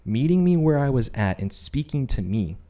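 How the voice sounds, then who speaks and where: A man's voice: medium pitch, very animated, moderate pace, mellow. A man sharing his personal faith testimony on a podcast, telling it as an earnest story. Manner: earnest storyteller, acts out quoted voices. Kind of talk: personal testimony, casual chat.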